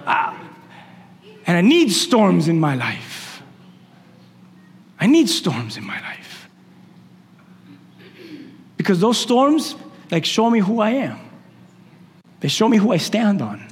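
A man preaching a sermon as the pastor, impassioned, swinging between shouts and hushed lines. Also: sits high, wildly swooping pitch, takes it slowly, long pauses, big-room sound.

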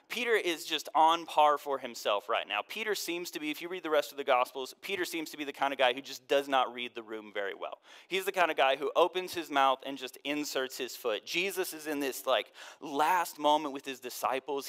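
A man preaching a conversational sermon as a pastor, casual and joking, often sinking to a soft hush. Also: fairly high pitch, animated, moderate pace.

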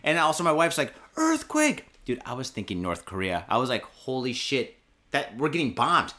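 A podcast host telling a casual story, excitable and profane, with lots of filler words. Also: male voice, medium pitch, a little fast. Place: podcast studio.

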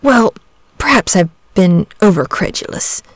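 A woman's voice: medium pitch, lively intonation, unhurried, no echo. A woman voicing a good-natured knight saint who speaks in formal, old-fashioned phrasing in a storybook reading. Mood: perplexed.

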